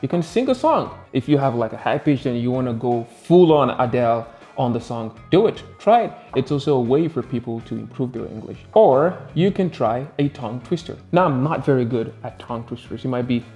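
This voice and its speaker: A man, a native Arabic speaker, gives an English pronunciation lesson in a casual, playful way, letting his pitch swing up and down for emphasis. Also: animated, brisk, few pauses, mellow, faint music behind. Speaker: English tutor.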